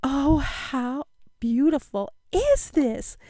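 A high-voiced woman talks slowly to camera as she unboxes a craft swap. She gushes, exclaims and giggles in delight, recorded dry and close with no room sound. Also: expressive, dry recording. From United States. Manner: gushing, giddy, exclaims often and laughs. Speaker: paper crafting vlogger. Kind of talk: casual unboxing chat to camera.

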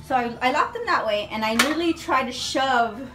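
A woman's voice: sits high, expressive, brisk, music in the background. A woman vlogging on her phone at home, panicky and exclaiming with nervous laughter. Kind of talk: casual vlog to camera. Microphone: phone camera. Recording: echoey room.

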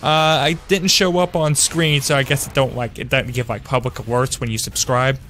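In this live-streamed gameplay commentary, a young man plays a shooter and cheerfully greets his viewers by name. His voice is medium in pitch, a bit bright, fairly even in intonation and moderately paced, with a little hiss or hum in the background. He frequently fixes his words mid-sentence and lets thoughts trail off with fillers.

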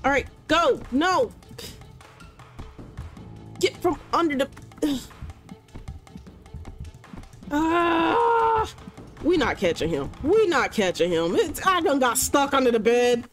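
A woman gamer doing let's-play commentary at a desk mic, excitable, yelling commands at the game and bantering in casual slang. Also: high-pitched, takes it slowly, pauses often, soft background music.

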